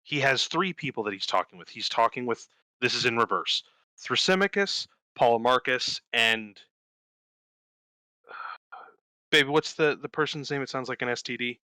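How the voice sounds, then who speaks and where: A young man co-hosting a podcast, casually telling a profane, animated story and voicing the characters in it. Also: mid-range voice, moderate pace, no echo, poor audio. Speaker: podcast co-host. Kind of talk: casual chat.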